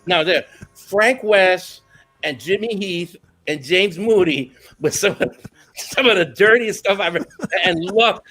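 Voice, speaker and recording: A man telling stories in a casual interview, animated and laughing, dropping in Spanish phrases. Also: high voice, measured pace, soft background music. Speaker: guest musician.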